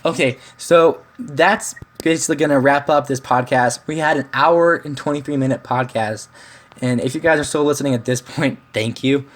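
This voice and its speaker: A man's voice: medium pitch, moderate pace. Teenage male, podcast host, casual chat, rambling, filler-heavy. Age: teens. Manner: rambling, many restarts and "like"s, laughs easily.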